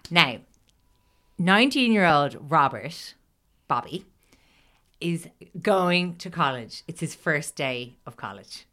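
A woman's voice: low-pitched, animated, slow, pauses often, fairly bright tone. A woman hosting a podcast, telling a story in casual chat, full of fillers, swearing and laughter.

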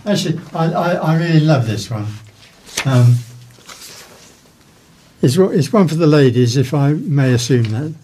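Man telling jokes, a little halting. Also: fairly high pitch, slight background noise. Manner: hesitant at first, restarting words, then a steady storyteller. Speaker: radio guest telling jokes.

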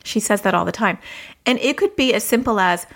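A woman in her thirties, a parenting coach, giving advice in a chatty podcast style and jumping up in pitch when she acts out what children say. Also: fairly quick. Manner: conversational, acts out quoted dialogue with lively pitch jumps.

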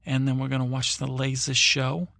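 A man's voice: mid-range voice, completely flat delivery, moderate pace, gravelly, bright, forceful tone, no echo, studio quality. A man voicing a chatty older male tourist out with his grandkids, talking in a rambling, hesitant way.

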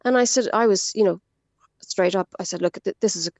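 An Irish woman guest on a radio talk show, recounting in lively storytelling how she was scammed, quoting what others said. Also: medium pitch, a little fast, gravelly, no room sound. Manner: animated storytelling, quotes others. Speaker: scam victim guest. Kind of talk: radio interview.

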